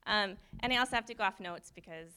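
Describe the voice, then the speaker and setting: Young woman, nervous testimony talk, rambling, self-deprecating, frequent laughter, middle pitch. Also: fast talker, sharp tone, clear, resonant tone. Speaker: nurse sharing a testimony.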